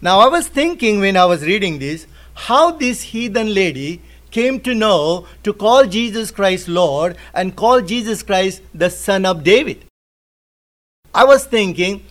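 A high-pitched man teaches a Bible study in an animated way, acting out the quotes with sudden swings in loudness. His speech includes some nonstandard grammar.

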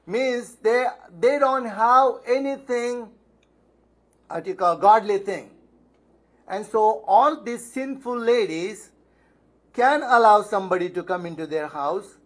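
In a high, somewhat bright voice, a male pastor preaches and reads scripture. His delivery is emphatic, full of self-answered questions and repeated phrases for emphasis.

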